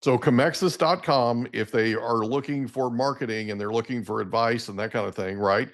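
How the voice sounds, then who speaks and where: A middle-aged man hosts a podcast at a mid-range pitch. He sounds eager and keeps affirming what his guest says in easy conversation. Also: moderate pace. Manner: enthusiastic, affirming interviewer. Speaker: podcast host. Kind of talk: casual interview chat.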